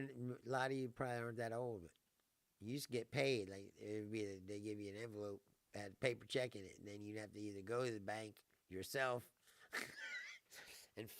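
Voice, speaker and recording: Speaking at medium pitch with vocal fry and a slightly bright edge, a middle-aged man runs a live stream. The recording is dry. His story comes out as a casual, exasperated rant, full of laughter and swearing.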